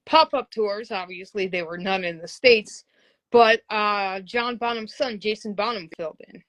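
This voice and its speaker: A woman's voice: mid-range voice, normal speed, a bit bright. A woman hosting a casual interview, talking like an eager fan who often exclaims. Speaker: interviewer, host.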